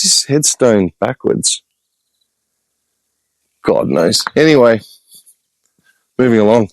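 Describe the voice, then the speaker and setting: An Australian man, a podcast host, telling stories in an animated, exasperated way with blunt swearing, in a casual walk-and-talk vlog. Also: mid-range voice, takes it slowly, long pauses, no echo, low-quality recording. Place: outdoor hillside cemetery with birds.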